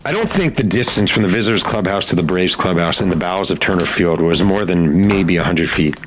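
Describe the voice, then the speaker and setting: A middle-aged man with a fairly low voice narrates his own story on a podcast. His delivery is dry and deadpan, with a wry edge. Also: fairly quick, background noise. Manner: wry, deadpan narration with heated acted-out quotes. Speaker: podcast host and journalist. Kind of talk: scripted first-person storytelling.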